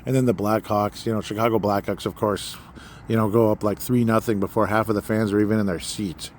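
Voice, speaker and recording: A man's voice: lowish voice, flat delivery, brisk. A man from Minnesota hosting a solo sports podcast, rambling and sarcastic with lots of fillers, recorded outdoors by a fire pit at night. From Minnesota, USA. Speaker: podcast host. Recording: faint outdoor background noise.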